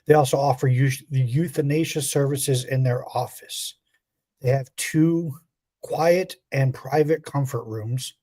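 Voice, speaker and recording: A man with a warm, mid-range voice co-hosts a pet podcast, reading a guest's bio with wry asides and tripping over a few names.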